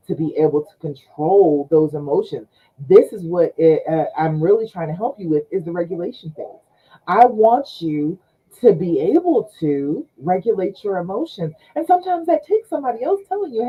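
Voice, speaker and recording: A woman coach talks to her live-stream viewers in a chatty, coaxing way. Her husky voice swings lively up and down. The audio sounds dull and lo-fi. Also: sits low, normal speed. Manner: chatty, coaxing, many "okay?" tags. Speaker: relationship coach.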